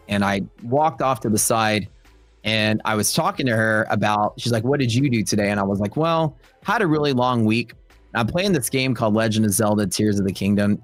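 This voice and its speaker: A young adult trading livestream host, his voice fairly low and recorded without echo, chats casually with his audience and live chat. He keeps it joking and animated, telling stories and slipping into playful voices for quotes.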